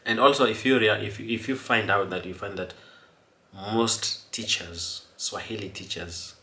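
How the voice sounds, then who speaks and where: A man's voice: lowish voice, fairly even intonation, unhurried, pushed and bright, echoey room. A man giving casual commentary, rambling and repeating words, often checking if the listener understands. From Kenya. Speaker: host.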